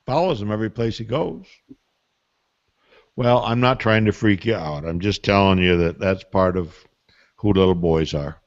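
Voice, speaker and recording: On a muffled, dry call-in recording, an older man gives parenting advice in a low voice that sounds close. He talks at normal speed with long pauses, answering in a folksy storytelling way full of emphatic asides.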